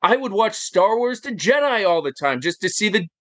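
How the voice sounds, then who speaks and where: Animated man with lively swooping pitch. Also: normal speed, no room sound. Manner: animated, emphatic, rhetorical questions. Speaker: podcast guest. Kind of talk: casual chat.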